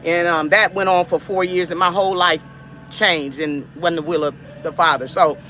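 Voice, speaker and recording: A woman's voice: on the low side, fairly even intonation, normal speed, pushed and bright, faint music behind. A middle-aged woman from the United States, hosting a cooking live stream and talking to viewers in an emphatic, repetitive, preachy way. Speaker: livestream cooking host.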